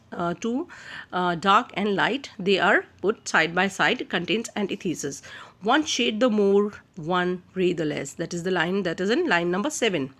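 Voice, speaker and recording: A woman's voice: medium pitch, fairly bright tone. A woman giving a recorded literature lecture on a poem, explaining step by step and repeating key terms with occasional "uh" fillers.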